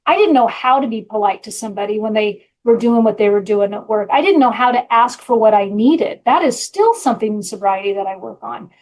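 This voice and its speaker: A middle-aged woman with a fairly high voice tells her own story of recovery. She talks bluntly and frankly, with earthy language, in a candid, personal way. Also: brisk, hardly any pauses, a little mellow, rough recording. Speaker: podcast host and recovery coach.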